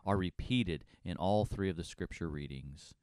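A man's voice: deep voice, moderate pace, a little mellow, smooth, no echo, studio quality. A man co-hosting a conversational Bible study, explaining the text and often repeating words as he thinks. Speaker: pastor co-host.

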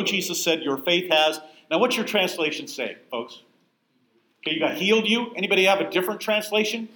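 A man's voice: high voice, sharp tone, reverberant, rough recording. Emphatic man teaching a Bible class. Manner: emphatic, asks the room questions.

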